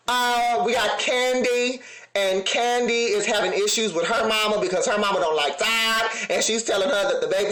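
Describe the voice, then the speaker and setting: A man's voice: high voice, normal speed, echoey room, crowd noise. A man giving a sassy, laughing commentary, talking straight to his viewers. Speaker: reality TV reviewer.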